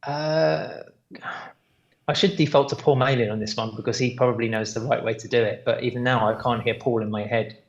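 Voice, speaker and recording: A man's voice: medium pitch, steady tone, fairly quick, lo-fi sound. A British man who is a guest on a podcast, telling long anecdotes in a rambling way with plenty of fillers. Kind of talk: casual podcast chat.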